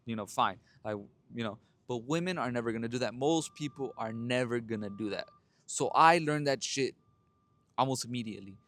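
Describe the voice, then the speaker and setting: A man's voice: medium pitch, brisk, fairly bright tone. A young man hosting his own show, telling a dating story in a blunt, profane, casual monologue. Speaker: podcast host.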